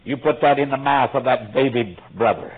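A man voicing the biblical Joseph as a shrewd, commanding ruler, giving low, conspiratorial orders, in a tinny, lo-fi recording. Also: moderate pace, slightly rough, natural voice. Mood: scheming.

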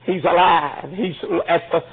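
A man preaching an impassioned storytelling sermon, fervent, with frequent fillers and sudden shouts, in a tinny, lo-fi recording. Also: on the high side, steady tone, a little slow, breathy edge.

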